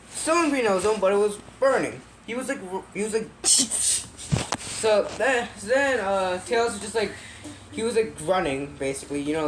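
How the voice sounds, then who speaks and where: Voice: medium pitch, slight background noise. A speaker casually retelling a creepy game story, full of fillers, restarts and wry asides.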